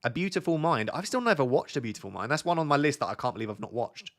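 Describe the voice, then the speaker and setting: This is a young man, chatting into a desk mic during a live stream. He speaks at a middle pitch and keeps the tone loose and jokey, often restarting lines as he thinks aloud. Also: very animated, racing. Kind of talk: live stream chat with viewers.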